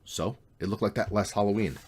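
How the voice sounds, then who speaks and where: A man voicing a skeptical, sarcastic young male roommate in a dry, deadpan way. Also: lowish voice, brisk, husky.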